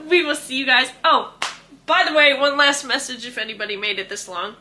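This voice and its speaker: Giggly high-voiced young woman host. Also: very animated, measured pace, background noise. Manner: giggly, laughs often, swears. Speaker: podcast host. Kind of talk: casual chat.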